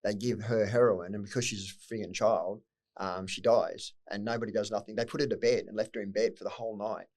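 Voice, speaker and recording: A man's voice: fairly low pitch, steady tone, a little fast, a little mellow. A middle-aged Australian man telling his life story as a podcast guest, blunt and swearing freely, with emotion breaking through at times. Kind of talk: candid personal storytelling.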